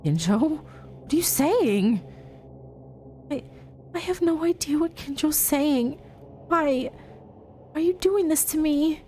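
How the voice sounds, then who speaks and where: A woman's voice: high voice, expressive, slow, pauses often, darkish tone, a little hiss or hum, voice pushed up. A woman voicing a desperate young female student pleading her innocence in a murder mystery game. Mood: distressed.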